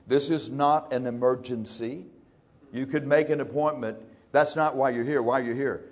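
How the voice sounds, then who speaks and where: A male pastor preaching in a church, folksy and emphatic, speeding up and slowing down for effect. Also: mid-range voice, fairly even intonation, darkish tone. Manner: folksy, emphatic, shifting between fast and slow. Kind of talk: sermon.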